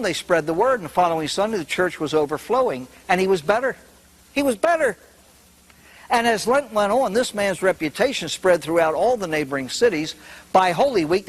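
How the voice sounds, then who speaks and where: A man's voice: high voice, poor audio. Older man telling jokes animatedly. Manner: animated joke-telling, acting out characters. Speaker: priest and speaker. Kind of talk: humorous storytelling talk.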